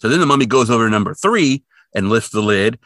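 A man's voice: medium pitch, quick pace, dry recording, clean studio sound. A man co-hosting a podcast, recapping a cartoon episode in casual chat and acting out bits of the story. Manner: animated storytelling with acted-out bits.

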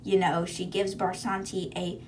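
A woman's voice: on the low side, flat delivery, a little slow, a little mellow, slight background noise. A young woman hosting a podcast, casually recapping a book chapter by chapter and reacting as she goes. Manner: chatty, lots of fillers, reacts to the story. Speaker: podcast host.

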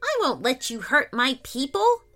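An excitable, dramatic little girl who dreams of fighting dragons as a superhero, put on by a woman reading a storybook. Her voice sits high and eager, rising and falling a lot at an unhurried pace, with soft music faintly underneath. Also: heavily acted. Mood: playful dragon-fighting.

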